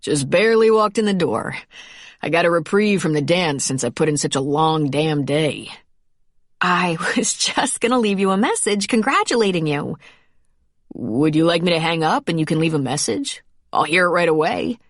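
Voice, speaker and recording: A tired, teasing man talks on the phone in a storybook romance, as a woman narrator voices him. The voice sits low and dry, close to the mic. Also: moderate pace, no room sound. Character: teasing man, tired after a long day.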